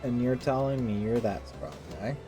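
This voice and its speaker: A man voicing a brash, cocky ex-gangster nightclub owner with a loud, streetwise manner. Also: mid-range voice, moderate pace, music in the background, lightly acted.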